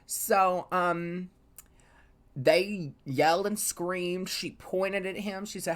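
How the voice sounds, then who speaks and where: A woman's voice: fairly low pitch, fairly even intonation, extremely slow. A woman hosting a gaming channel, chatting casually as she recaps the drama from her game, gossipy and full of fillers. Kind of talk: casual storytelling over gameplay.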